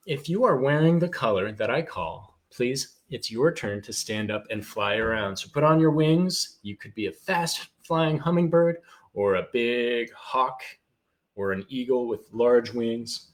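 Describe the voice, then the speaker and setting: Cheerful male kids' music teacher. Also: mid-range voice. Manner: cheerful, playful, mixes talk with singing. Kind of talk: live online sing-along class for young kids. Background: guitar strumming.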